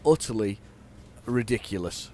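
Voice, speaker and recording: A man's voice: on the low side, lively intonation, a little slow, darkish tone, a little hiss or hum. A man hosting a let's play, chatting casually and rambling while he plays, recorded close on a desk microphone at home. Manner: rambling, chatty, self-deprecating. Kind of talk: casual gameplay commentary.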